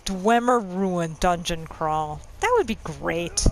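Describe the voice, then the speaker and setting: A woman's voice: fairly low pitch, lively intonation, slow pace, few pauses, rough recording. A woman hosting a let's-play, talking in a chatty, musing way and laughing often while she plays. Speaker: gaming channel host.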